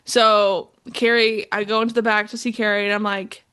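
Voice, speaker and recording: A woman's voice: medium pitch, level tone, normal speed, few pauses, sharp tone, smooth. A young woman co-hosting a podcast, telling a story in a rambling, casual way full of fillers. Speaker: podcast co-host. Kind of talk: casual chat.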